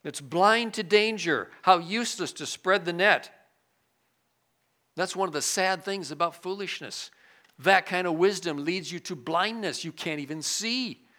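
Older male pastor, bright, fairly high voice; sermon delivery with sharp swings between emphasis and hush. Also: unhurried. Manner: swings from loud emphasis to quiet asides.

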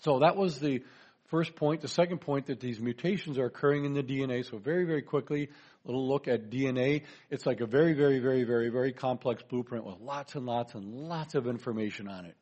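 A man's voice: medium pitch, fast, a little mellow, dull audio. A man giving a chatty presentation lecture, joking with his audience. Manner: chatty, folksy, jokes to the audience.

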